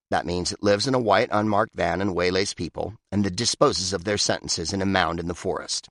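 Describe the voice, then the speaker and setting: A man's voice: lowish voice, a bit bright, no echo, studio quality. Sardonic man reading a comic audiobook. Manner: sardonic, mock-pompous, with big swoops for emphasis. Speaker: comedian reading his own book.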